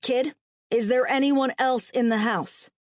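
A woman's voice: sits high, steady tone, a little slow, no room sound, studio quality, voice pushed up. Woman voicing a curt wounded gunwoman. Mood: tense. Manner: curt, barking orders. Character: hardened wounded female gunwoman, blunt and commanding.

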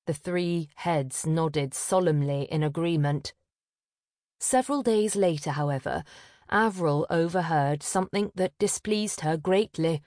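An audiobook narrator reads a scripted story in a low, somewhat dark voice at a moderate pace. The studio-quality recording has no echo.

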